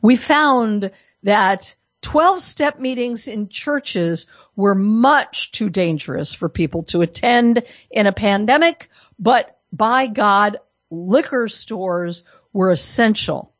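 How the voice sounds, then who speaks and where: A woman hosting a radio talk show, delivering an opinionated monologue full of sarcasm and emphatic jumps in pitch, at a studio microphone. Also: expressive, slow pace, dry recording, lo-fi sound.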